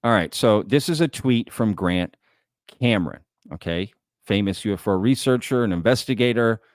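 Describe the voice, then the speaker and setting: A man's voice: fairly low pitch, normal speed, no room sound, clean studio sound. Casual man hosting a live stream. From Texas. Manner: casual, chatty, folksy with "y'all". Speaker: host. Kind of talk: live-stream news commentary.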